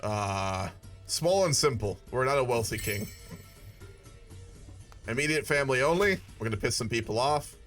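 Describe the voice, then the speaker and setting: A man's voice: medium pitch, lively intonation, normal speed, pauses often, fairly bright tone, soft background music. A man giving casual, profane gameplay commentary with wry asides. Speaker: gaming video creator.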